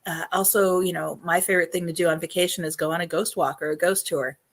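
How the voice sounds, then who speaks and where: A woman hosts a casual live stream, answering viewer questions in a quick, steady, low-leaning voice. She is hoarse and losing her voice, chatting with lots of ums and repeated throat-clearing.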